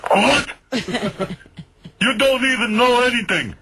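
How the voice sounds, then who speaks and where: A man's voice: extremely high pitch, slow, pushed and bright, slight background noise, pitched above the performer's own voice, exaggerated voice, rough recording. A man putting on his nagging older father, lecturing his son. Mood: scolding. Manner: scolding, lecturing. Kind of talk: comic impression on talk radio.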